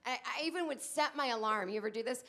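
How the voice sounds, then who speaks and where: A woman in her late thirties doing a stand-up comedy set on a club stage, acting out other people's lines in shrill put-on voices. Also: fast, fairly bright tone. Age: 30s.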